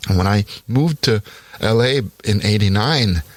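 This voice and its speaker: Low-voiced Norwegian-born man with a Southern lilt. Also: a little slow, no echo. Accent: American Southern, from a Norwegian-born speaker. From Norway. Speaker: podcast guest. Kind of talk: casual conversation.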